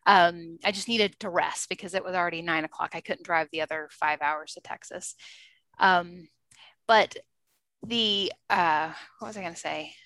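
Woman, bright clear voice, dry close sound, casual storytelling guest, chatty and laughing. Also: fairly low pitch, moderate pace, no echo. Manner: chatty, animated, laughs often. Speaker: interview guest.

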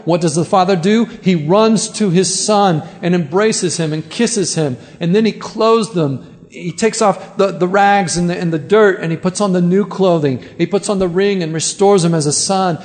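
A pastor delivers an earnest sermon, his man's voice sitting a little higher than most. He often stumbles over and repeats words as he starts a new thought. A long church-hall reverb trails behind every phrase. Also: a little mellow.

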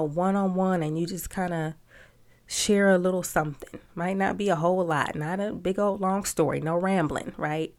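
A woman's voice: medium pitch, a little mellow. A woman coaching on storytelling in a conversational podcast talk who often checks in with "right?" and plays with emphasis.

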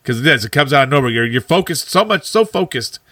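Bright-voiced enthusiastic man chatting. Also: medium pitch, sing-song, quick pace, no room sound, studio quality. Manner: enthusiastic, laughs often, restarts words. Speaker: podcast co-host. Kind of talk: casual chat reviewing a sitcom episode.

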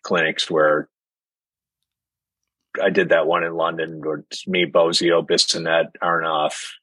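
Middle-aged male guest, candid anecdotes, husky and dry close sound. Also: low-pitched, level tone, a little slow, bright, forceful tone, no echo. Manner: candid storyteller, laughs often, acts out quotes. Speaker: guest drummer. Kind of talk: casual interview chat.

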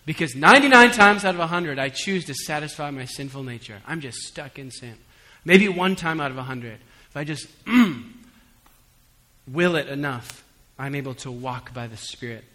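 A male pastor delivers a sermon with a bright, forward voice, drifting between relaxed, conversational storytelling and emphatic, raised appeals to the room. His words ring out with a long reverb tail from the church hall. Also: fairly high pitch, moderate pace. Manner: conversational preaching with humorous asides; swings between soft and emphatic.

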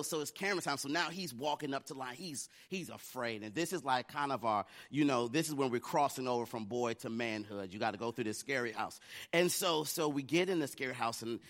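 A man's voice: medium pitch, a bit bright. A middle-aged man from the United States preaching a sermon, telling a family story in a conversational way that builds to fervent preaching. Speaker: pastor.

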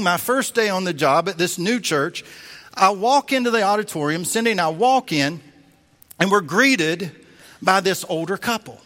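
A man preaching a sermon as a pastor, telling a story in an animated way and acting out the voices he quotes. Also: high-pitched. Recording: long reverb of a large hall.

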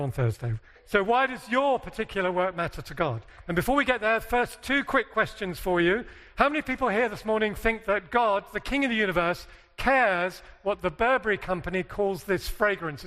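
In a large hall with a live audience and long reverb, a British man gives a conference seminar talk, chatty and jokey, asking the audience questions. His voice sits high and sounds a bit bright.

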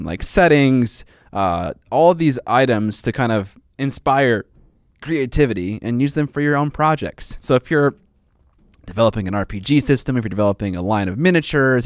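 A man's voice: mid-range voice, no echo, clean studio sound. Rambling, jokey podcast co-host man. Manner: rambling, filler-heavy, jokey. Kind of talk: casual chat.

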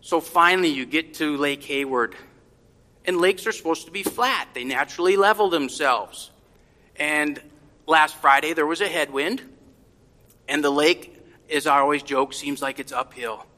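A middle-aged man telling a reflective personal story to a congregation in a gentle, heartfelt, unhurried way. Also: a little high, in a large hall.

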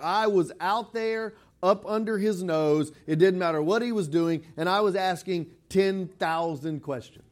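A middle-aged man preaching a sermon, conversational and rising to emphatic quotes of scripture. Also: high voice. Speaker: pastor.

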